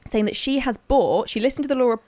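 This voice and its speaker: A woman's voice: a little high, quick pace, a little mellow, no echo. A young woman from Lincolnshire, co-hosting a podcast in casual chat, rambling with fillers and restarts. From Lincolnshire, England. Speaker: podcast co-host.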